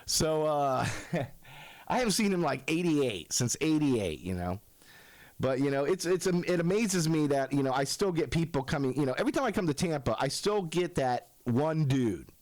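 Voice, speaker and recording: A man's voice: fairly high pitch, normal speed, no echo. A man in his forties, a radio host, telling rambling, self-mocking stories in a casual monologue. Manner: self-mocking storyteller, lively.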